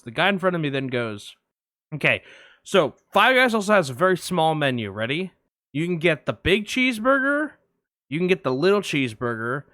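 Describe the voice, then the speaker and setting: A man's voice: on the high side, fairly bright tone, dry recording. A man co-hosting a casual podcast, telling a long rambling story with lots of fillers on a close mic. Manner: rambling anecdote, many fillers. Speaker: podcast co-host. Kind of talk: casual film podcast chat.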